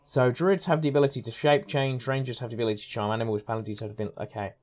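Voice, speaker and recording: A chatty man streams a game and rambles through casual commentary, often circling back and correcting himself. His pitch is middle for a man. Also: fairly even intonation, very fast, darkish tone. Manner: chatty, rambling, self-interrupting. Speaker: gaming streamer. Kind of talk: casual let's-play commentary.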